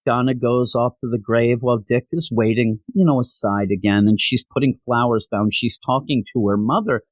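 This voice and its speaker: A man's voice: mid-range voice, normal speed, no room sound. Enthusiastic male podcast host. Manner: enthusiastic, rambling, with many fillers. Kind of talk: casual comic book recap.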